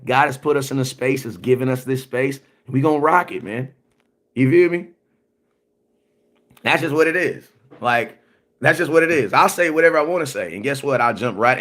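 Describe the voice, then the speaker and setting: Fairly bright and medium-pitched, this man's voice carries an animated sports livestream rant. He talks in slangy, repetitive bursts, answers viewers' comments and often asks "you know what I'm saying."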